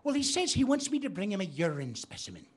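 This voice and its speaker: A man's voice: sits high, huge pitch swings, fast talker, slightly rough, exaggerated voice. A man voicing a stubborn, grumbling housewife in a told joke. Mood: glum.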